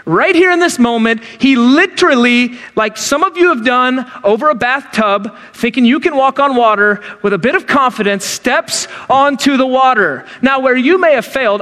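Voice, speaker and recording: Middle-aged male pastor, very high voice, lively storyteller who acts out the scenes, long reverb. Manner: animated storytelling, acts out quotes in character voices. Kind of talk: sermon.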